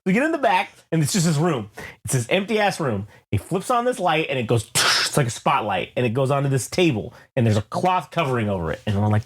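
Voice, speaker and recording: A man co-hosting a podcast, telling a rambling, profane comic story in a casual, animated way. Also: medium pitch, fairly quick, slightly rough. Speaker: podcast co-host.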